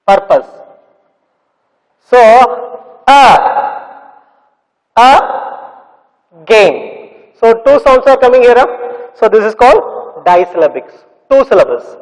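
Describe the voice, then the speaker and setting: A man with a high voice teaches a classroom lesson, going over words again and again and drawing out their sounds. His voice carries with a long reverb, as if in a large, hard-walled room. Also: sing-song. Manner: slow, repetitive explaining with drawn-out sounds. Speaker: English teacher.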